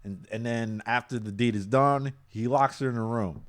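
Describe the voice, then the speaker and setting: A man's voice: medium pitch, moderate pace. Laughing, stammering male podcast co-host. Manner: laughs often, stammers and restarts. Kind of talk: casual chat reviewing anime.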